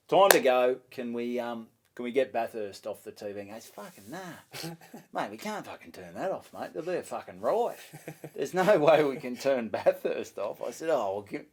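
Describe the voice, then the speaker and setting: A man's voice: mid-range voice, darkish tone. A man with an Australian accent, a stand-up comedian, telling a story in casual chat, swearing freely and acting out both sides of each exchange.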